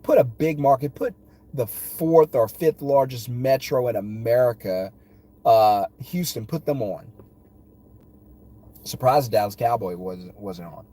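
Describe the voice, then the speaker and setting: A man's voice: mid-range voice, measured pace, mellow. A man vlogging his opinions on sports, talking in emphatic, punchy, repeated phrases while in a car. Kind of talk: casual opinion rant.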